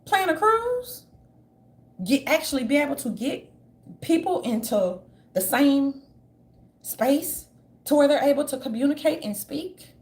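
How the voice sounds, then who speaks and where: Blunt high-pitched woman ranting. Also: unhurried, darkish tone. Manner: blunt, profane, mocking quoted voices. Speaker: commentary channel host. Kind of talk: casual opinion monologue.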